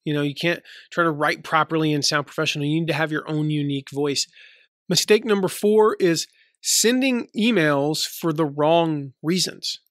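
A man's voice: on the high side, moderate pace, a bit bright, no room sound, clean studio sound. A man in his thirties from the American South, with a light Southern accent, hosting a casual solo podcast, chatty and full of fillers and restarts. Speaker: podcast host.

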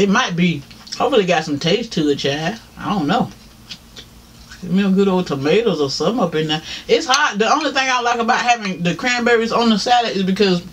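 A man's voice: high-pitched, a bit bright, slight background noise. A man with a Southern US accent, chatting casually to viewers while eating on camera, laughing often and saying "y'all". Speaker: mukbang vlogger. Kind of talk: casual eating-show chat.

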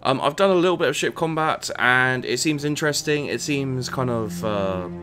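A man's voice: mid-range voice, normal speed, music in the background. A man giving casual commentary while playing and reviewing a game, rambling and often tripping over and repeating his words. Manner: rambling, stumbles and repeats words, mutters asides.

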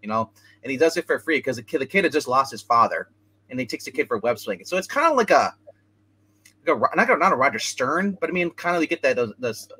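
A man's voice: mid-range voice, very animated, fast talker, bright, forceful tone, breathy edge. A man hosting a casual chat show, rambling through a comic book review with many restarts and asides.

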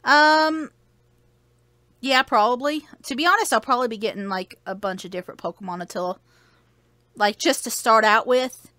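An easygoing woman from Kentucky chats through a game playthrough, pausing on fillers. Her tone is bright and sharp, a bit high. The sound is close and dry. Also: no echo. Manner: easygoing, hesitant with many fillers. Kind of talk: casual chat.

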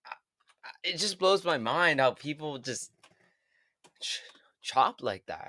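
Excitable man with a cold reacting. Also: mid-range voice, normal speed, pauses often, no room sound. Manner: excitable, exclaims and rewinds, stammers in awe. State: hoarse from a cold. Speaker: music reaction host. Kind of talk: casual reaction commentary.

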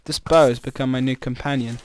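A man's voice: medium pitch, fairly even intonation, brisk, background noise. A man with a chatty, jokey manner, commenting casually on his own gameplay as a let's-play host and reacting with startled exclamations.

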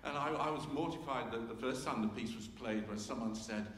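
A man's voice: medium pitch, a little fast, fairly bright tone, slight background noise. An older man, a composer chatting informally to a concert audience about his symphony and humming its themes. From England. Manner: hums and sings themes to illustrate, with self-deprecating humour. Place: large concert hall. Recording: roomy hall reverb, faint ambience.

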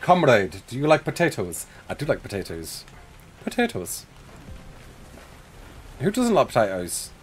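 A man's voice: medium pitch, very animated, fairly quick, hardly any pauses. A British man chatting casually on a live stream, answering viewer questions, laughing often and calling people mate. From United Kingdom.

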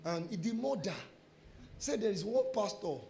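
High-voiced Nigerian pastor telling stories. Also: male voice, a little slow, a little hiss or hum. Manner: animated storyteller acting out dialogue; mixes in pidgin phrases. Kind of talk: sermon testimony.

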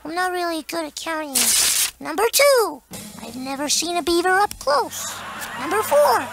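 A man's voice: extremely high pitch, big pitch swings, normal speed, creaky, noisy background, exaggerated voice. An actor playing a silly young cartoon boy who puts on a game-show voice. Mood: goofy. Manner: goofy, game-show announcer bits. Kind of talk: cartoon voice acting.

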